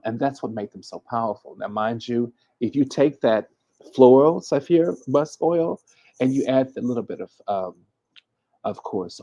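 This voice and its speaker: A man hosting a casual livestream, playful and animated, teasing himself as he stumbles over hard words and restarts often. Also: mid-range voice, muffled recording. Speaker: host giving hoodoo readings and advice. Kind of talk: casual livestream chat, reading from the chat.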